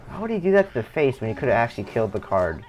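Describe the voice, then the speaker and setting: A man's voice: mid-range voice, very animated, very fast, a little mellow. A young man chatting casually on a live game stream, rambling and correcting himself as he plays. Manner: rambling, self-correcting, chuckling. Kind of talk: casual live-stream chat while gaming.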